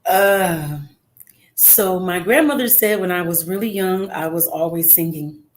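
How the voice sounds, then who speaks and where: Middle-aged woman, low-pitched and chatty. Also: measured pace, slight background noise. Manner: conversational with frequent "um" fillers, earnest and encouraging. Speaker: guest singer. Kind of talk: casual interview. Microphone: remote call.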